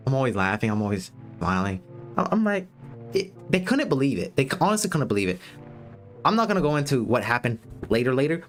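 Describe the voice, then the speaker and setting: Quiet music plays behind an American man who lectures his livestream audience on dating. He speaks directly, bluntly, and with profanity, his pitch swinging widely.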